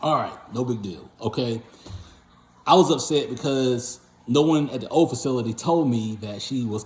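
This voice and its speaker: Guy telling a story to camera, lots of uh and you know, echoey room. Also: mid-range voice. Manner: rambling, with frequent fillers and self-corrections. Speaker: owner of a patient transport company, channel host. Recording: roomy echo.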